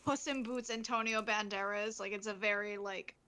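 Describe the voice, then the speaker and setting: A woman's voice: medium pitch, fairly even intonation, normal speed, pushed and bright. A woman guest co-hosting a casual livestream chat, brash, swearing and laughing often. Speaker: guest co-host.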